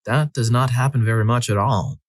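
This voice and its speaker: A man narrating a string of reader-submitted stories in a steady read-aloud manner. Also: mid-range voice, a little fast, no echo, clean studio sound. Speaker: story narrator.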